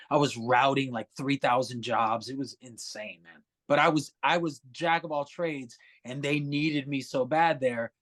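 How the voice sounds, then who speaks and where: A man guest on a podcast, telling stories in a casual, animated way, swearing freely and acting out other people's voices. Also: fairly high pitch. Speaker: musician guest.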